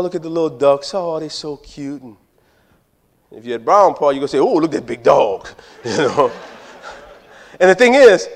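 Preacher guy, kinda high-pitched, jokey conversational sermon, talking straight to the crowd. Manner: conversational, joking, talks straight to the congregation. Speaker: pastor.

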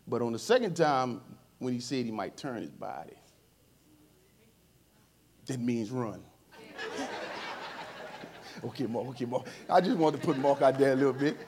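A man preaching a sermon in a church service. He talks informally and emotionally, swinging from quiet and tender to loud calls to the congregation, with playful asides. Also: medium pitch.

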